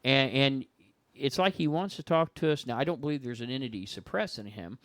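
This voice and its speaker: A man's voice: medium pitch, fairly quick, no echo. A man, a guest paranormal investigator and author, telling stories in casual chat and acting out the voices of the people he quotes. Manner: animated storyteller who acts out quoted voices.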